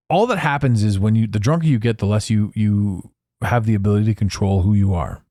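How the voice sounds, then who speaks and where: A man's voice: lowish voice, warm tone, no echo, studio quality. A man hosting a podcast, talking in a blunt, profane, casual monologue. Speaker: podcast host.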